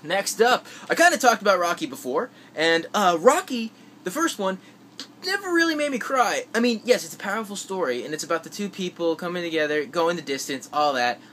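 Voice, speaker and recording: A high-pitched man with big swings in pitch talks briskly in a pushed, bright voice, rambling through his movie list in a casual vlog. He uses lots of fillers and restarts and acts out quotes. There's a little hiss or hum.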